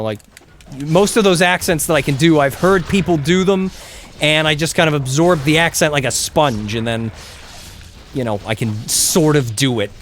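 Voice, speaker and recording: Brief: young man, game streamer, slightly high voice, loose rambling commentary with the odd curse. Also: fairly bright tone. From England. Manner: rambling, chatty, swears when the game goes wrong. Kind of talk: casual gameplay commentary.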